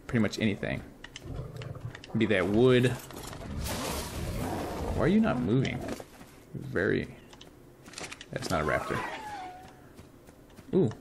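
A man hosting a casual let's-play, reacting excitedly and chatting to the creatures he tames. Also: fairly low pitch, takes it slowly, pauses often, noisy background. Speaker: gaming channel host.

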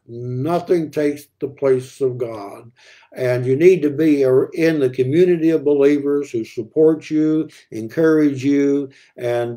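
A man's voice: fairly high pitch, dark tone. A man teaching a midweek Bible study, reading old-fashioned scripture verses aloud and then explaining them in a conversational way with fillers and repeated words.

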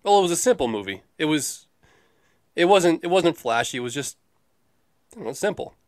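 A man's voice: a little high, lively intonation, fairly quick, no room sound. Man, podcast co-host, rambling movie chat, jokey, dry close sound. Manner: rambling, jokey, swears casually. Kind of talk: casual movie review chat.

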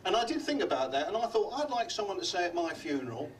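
An older comedy magician from London works the room, teasing guests with quick gags. His voice sits high for a man. He is picked up from a distance in a hotel function room. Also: very animated. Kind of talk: live club comedy act.

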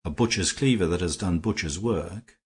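A man reading the part of a brooding male prince in an audiobook, speaking in a measured, grave way. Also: low-pitched, slightly rough.

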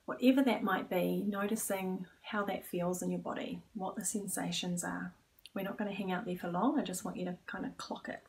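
A woman stress coach who leads a guided exercise in a calm, inviting tone. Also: on the low side, a little fast, creaky, recorded from a distance, slight background noise.

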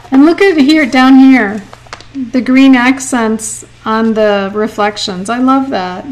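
A middle-aged woman with a high, slightly mellow voice speaks slowly while teaching a live-streamed watercolor class. She chats, laughs often and reads out comments from viewers. The recording sounds rough.

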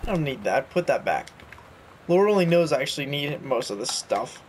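A man's voice: mid-range voice, very animated, moderate pace, slight background noise. A young man chatting and joking through a video game, reading notes aloud as he goes. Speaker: gaming YouTuber. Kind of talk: let's play commentary.

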